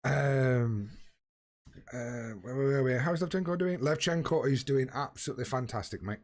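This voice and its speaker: A man's voice: medium pitch, normal speed, a little mellow. A young man chatting casually with viewers during a live game stream, greeting them by name and swearing freely. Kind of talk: casual live-stream chat while playing.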